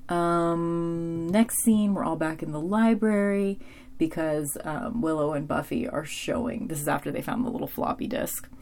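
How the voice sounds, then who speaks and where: Chatty low-voiced woman. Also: normal speed. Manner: chatty, giggly, many fillers, quotes characters in bright voices. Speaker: podcaster recapping a TV episode. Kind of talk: casual recap talk.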